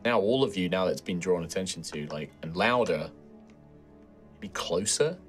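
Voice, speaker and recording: A low-voiced British man runs a tabletop game, his pitch rising and falling a lot as he describes the scene. He talks in a relaxed, rambling way, full of fillers, with faint music underneath. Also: normal speed. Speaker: game master.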